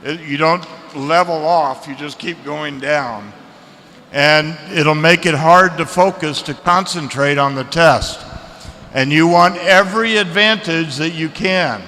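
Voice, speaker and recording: A man giving a seminar lecture to students, lively and chatty, asking the audience questions. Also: a little high, measured pace, in a large hall, slight background noise. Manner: lively, asks the audience questions, acts out reactions. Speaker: seminar speaker. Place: lecture hall.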